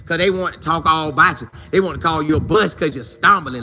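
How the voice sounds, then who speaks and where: A man hosting a casual sports talk live stream, shouting out viewers by name in loose, slangy, animated talk. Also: high-pitched, fairly quick, hardly any pauses, a little hiss or hum.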